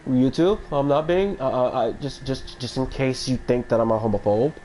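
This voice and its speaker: A man's voice: medium pitch, moderate pace, mellow, a little hiss or hum, poor audio. A man chatting casually on a live stream, rambling with many restarts and frequent swearing.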